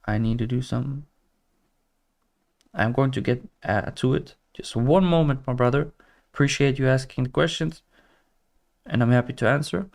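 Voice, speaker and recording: A man hosts a trading livestream, chatting loosely with viewers and reading their comments, calling them brother and dropping "like" constantly. His voice sits at a medium pitch with vocal fry, and he speaks at a moderate pace with long pauses.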